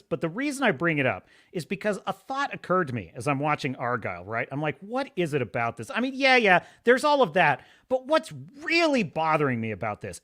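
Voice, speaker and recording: A man hosting a live stream, ranting through animated, profane commentary. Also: sits high. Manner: animated, swearing, exclaiming. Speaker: host of a live show.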